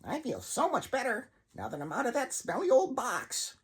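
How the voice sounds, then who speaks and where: A man voicing a sinister possessed male puppet with a thin, squeaky voice and sing-song menace. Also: wildly swooping pitch, moderate pace, slightly rough, exaggerated voice. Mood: chirpy.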